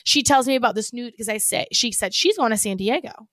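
A woman co-hosting a podcast in casual chat, an animated storyteller who swears freely. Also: fairly high pitch, brisk, dry recording. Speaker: podcast co-host.

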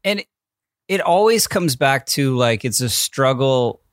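A young adult man co-hosting a podcast, speaking in a halting, thoughtful way that often trails off. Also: medium pitch, animated, no echo, clean studio sound. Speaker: podcast co-host. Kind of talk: casual chat.

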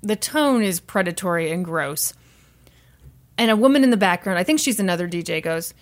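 A woman's voice: fairly low pitch, expressive, brisk. A woman co-hosting a podcast, telling a story in casual chat and acting out quotes in exaggerated voices. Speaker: podcast co-host.

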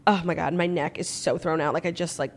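A woman's voice: fairly low pitch, fairly even intonation, quick pace. A woman hosting a podcast in casual chat, rambling with lots of fillers. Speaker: podcast host.

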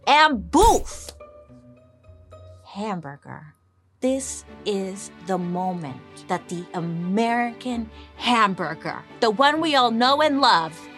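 A young adult woman hosts a storytelling podcast in a chatty, playful way, tossing in jokey asides and sudden leaps up in pitch. Her tone is fairly bright.

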